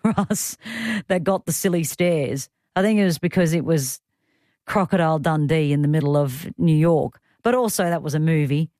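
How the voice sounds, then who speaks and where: Aussie lady radio host, chatty and teasing, lowish voice, dry studio sound. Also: a little mellow, no room sound. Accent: Australian. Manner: chatty, teasing, quick to joke. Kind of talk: casual talkback radio chat. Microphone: studio microphone.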